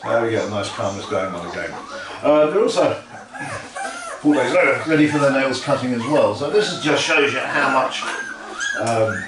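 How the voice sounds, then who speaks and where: Dog breeder explaining, echoey and distant. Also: male voice, mid-range voice, lively intonation, moderate pace. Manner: talks softly to puppies between explanations. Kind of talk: casual explanatory demonstration. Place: kennel with puppies. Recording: roomy, from off-mic, with crowd noise.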